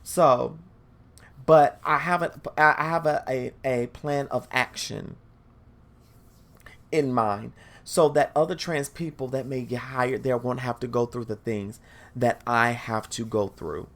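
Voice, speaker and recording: Her voice is a rumbling low register, delivered unhurriedly. This woman hosts a podcast, narrating a story on her own and pressing her points straight to the audience.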